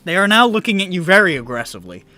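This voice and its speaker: A man's voice: high-pitched, very animated, racing, bright, forceful tone, faint music behind. A man acting as game master of a tabletop game, playful and laughing as he narrates. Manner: playful, laughing, spouting nonsense words.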